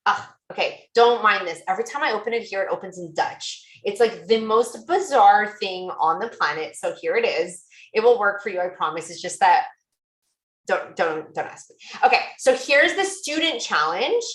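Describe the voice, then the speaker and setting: A woman's voice: mid-range voice, expressive, moderate pace, echoey room, poor audio. A woman presenting a tool demo over a video call, chatty and gushing, with many fillers. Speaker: guest presenter.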